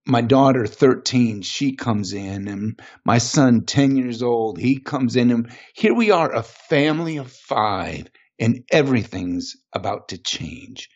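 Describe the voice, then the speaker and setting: A man as a podcast guest, giving an earnest, emotional personal testimony and slowing down on the weighty moments. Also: mid-range voice, lively intonation. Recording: muffled lo-fi recording.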